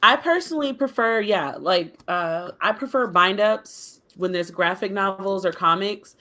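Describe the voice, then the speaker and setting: Bright, forceful woman co-host, expressive casual talk. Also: a little slow. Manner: expressive, rises in pitch when exasperated. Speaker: podcast co-host. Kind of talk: casual book club discussion.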